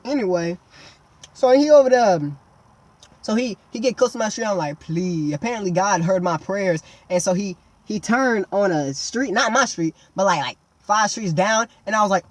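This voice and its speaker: A woman's voice: mid-range voice, animated, normal speed, no room sound. A woman telling a comedic storytime monologue in a slangy, dramatic way, breaking into exaggerated yelps.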